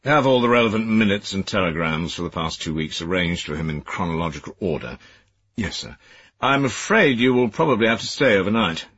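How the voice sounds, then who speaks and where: A man's voice: low voice, lively intonation, a little fast, fairly bright tone, breathy edge, no echo, dull audio, voice pushed up, heavily acted. A man voicing a stern older former soldier, a senior private secretary who speaks in clipped, commanding, disapproving tones.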